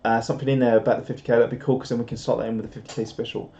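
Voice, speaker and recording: A man's voice: mid-range voice, level tone, racing, dark tone. A man hosting a live stream, reading viewer comments aloud in a jokey, rambling way, on a dull lo-fi recording. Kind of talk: casual live stream chat. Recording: dull lo-fi sound.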